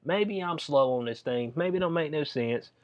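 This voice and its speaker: Guy reading the news out loud and riffing on it, kinda high voice, slangy and jokey, muffled lo-fi sound. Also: lively intonation, normal speed. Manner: slangy, joking, reads news aloud and riffs on it. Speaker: commentator. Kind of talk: casual news commentary. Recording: dull lo-fi audio.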